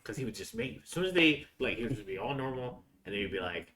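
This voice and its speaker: Male podcast co-host, animated storyteller with a wildly swinging pitch. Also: fast, crowd noise. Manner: animated storyteller, laughs through his lines. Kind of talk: casual storytelling.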